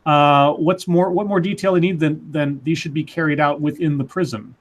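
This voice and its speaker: A man with a fairly high voice reads news articles aloud on a live stream. Between passages he drops dry, sarcastic comments. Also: steady tone, moderate pace. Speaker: news segment co-host. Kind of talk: reading and commenting on news on a livestream.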